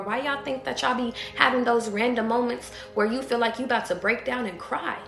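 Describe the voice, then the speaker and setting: Her voice is fairly high, a little fast, creaky and a bit bright, with hardly any pauses. She's a tarot reader on a live stream giving a motivational rant, swearing bluntly at her viewers and hammering points through repetition. Roomy echo and faint background music fill the recording.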